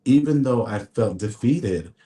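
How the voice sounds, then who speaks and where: A fashion designer earnestly tells his faith-filled story on a radio talk show, recorded on a studio mic. His mid-range voice is warm, with lively intonation and a measured pace.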